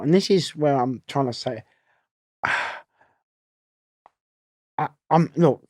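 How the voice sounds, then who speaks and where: A man, telling a rough anecdote in a casual chat and laughing at his own story. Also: mid-range voice, slow, long pauses, no room sound, clean studio sound. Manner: gravelly, laughs loudly at own stories. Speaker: guest storyteller.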